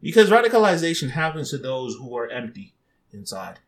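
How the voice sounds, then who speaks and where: Animated, chuckling man ranting. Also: mid-range voice, a little fast. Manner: animated, chuckling often, blunt and mildly profane. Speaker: vlogger. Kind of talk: casual opinion rant to camera.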